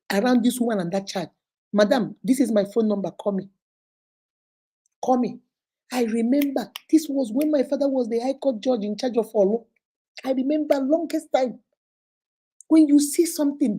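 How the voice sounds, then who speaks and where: A Nigerian woman in her thirties hosts a casual talk. Her voice sits a little high and mellow, with a husky grain. She tells stories animatedly and puts on voices for the people she quotes. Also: rough recording. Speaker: vlog host.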